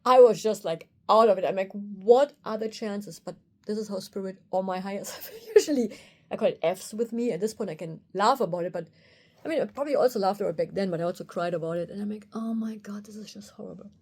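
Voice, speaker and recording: A woman's voice: mid-range voice, fast talker, a little mellow. A woman tells a personal story to camera, recounting events candidly and acting out her own inner thoughts as quotes. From Germany. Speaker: osteopath and video host.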